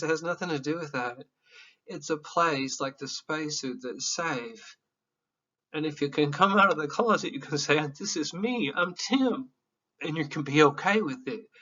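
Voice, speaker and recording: A man's voice: on the high side, bright, forceful tone, dull audio. A man in his fifties teaching psychology in an informal, candid and emotional classroom lecture, with some profanity. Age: 50s.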